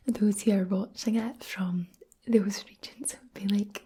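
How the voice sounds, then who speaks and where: A woman from Fife with a Scottish accent, whispering softly and chattily for an ASMR video. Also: medium pitch, fairly even intonation, slow pace, breathy edge. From Scotland. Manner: soft unvoiced whispering, chatty and explanatory. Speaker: ASMR creator.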